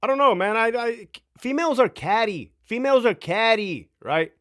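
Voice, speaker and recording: A man's voice: very high voice, lively intonation, moderate pace, fairly bright tone, no room sound, studio quality. A man in his thirties hosting a casual livestream from home, cursing freely, laughing and answering chat comments. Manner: profane, boastful, laughing, addresses chat directly. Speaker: livestream host.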